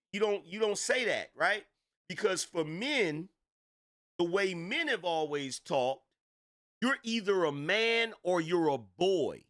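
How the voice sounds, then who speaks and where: Emphatic man lecturing, a bit high. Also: lively intonation, slow pace, a bit bright. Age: middle-aged. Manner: emphatic, repetitive, lecturing with rhetorical questions. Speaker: commentator. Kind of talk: opinion commentary monologue.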